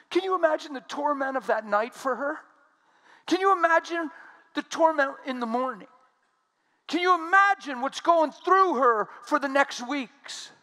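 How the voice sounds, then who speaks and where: In a very high voice, a man preaches a sermon, telling stories with emphasis and swinging between loud and hushed delivery.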